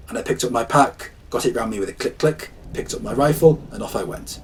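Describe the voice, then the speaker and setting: A man telling a first-person horror story as scripted narration, in a calm, measured way. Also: mid-range voice, a little hiss or hum.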